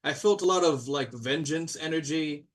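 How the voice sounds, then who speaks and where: An overly friendly spirit voice, chummy and a little too eager, as a game master puts him on. He is pitched somewhat higher than an everyday man's voice. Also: moderate pace, recorded from a distance, close to an everyday voice. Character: smooth-talking suspicious male spirit voice.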